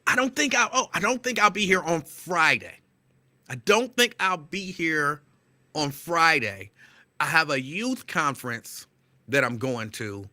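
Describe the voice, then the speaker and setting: A man hosting his show, chatting casually and retelling a story with animated, comic energy. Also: a little high, a little slow, no room sound. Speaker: show host.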